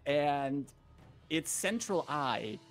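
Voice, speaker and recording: A man running a tabletop game as dungeon master, narrating the scene in a measured, playful way. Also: a little high, expressive, faint music behind.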